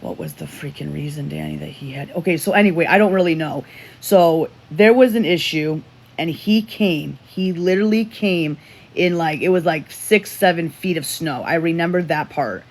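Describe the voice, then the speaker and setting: A livestream host tells a personal story in a loose, rambling way, stopping to restart sentences and to read the chat. The voice sits in a middle pitch range, neither high nor low. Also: animated, moderate pace. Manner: rambling, with self-interruptions and restarts; emotional retelling, reading chat aloud.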